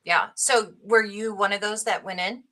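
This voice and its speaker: A woman's voice: medium pitch, steady tone, normal speed, a crowd in the background. A woman interviewing a guest, prompting him with short questions. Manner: brief prompting questions and backchannels. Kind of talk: conversational interview.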